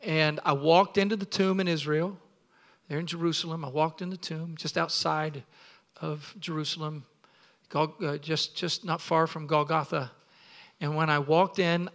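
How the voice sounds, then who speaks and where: A man's voice: high-pitched, fairly bright tone. A middle-aged male pastor preaching a sermon in a church, exuberant and playful, calling on the congregation to respond.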